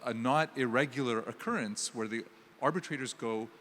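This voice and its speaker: A man's voice: mid-range voice, moderate pace, a bit bright. A man moderating a panel discussion, thinking aloud and restarting his sentences as he frames questions. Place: conference hall. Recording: long hall reverb.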